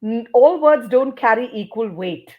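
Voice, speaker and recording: A woman's voice: a little high, lively intonation, measured pace, narrow, tinny audio. A woman educator answering interview questions, explaining points emphatically like a teacher and sounding out words. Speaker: educator and trainer, interview guest.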